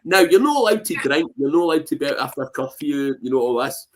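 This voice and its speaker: A Scottish man telling anecdotes in a casual interview, animated and full of "you know what I mean" fillers. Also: fairly high pitch, fast. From Scotland. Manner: animated, acts out voices in his anecdotes. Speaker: interview guest.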